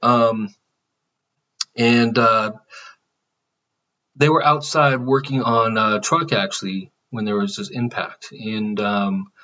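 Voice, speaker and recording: A man's voice: mid-range voice, fairly bright tone, recorded from a distance, highs cut off. A man talking casually to his channel, rambling with many fillers and restarts. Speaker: channel host. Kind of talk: casual spiritual vlog monologue.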